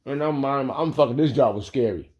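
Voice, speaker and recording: A man telling a casual story, animated and profane, laughing often. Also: medium pitch, fairly quick, muffled recording.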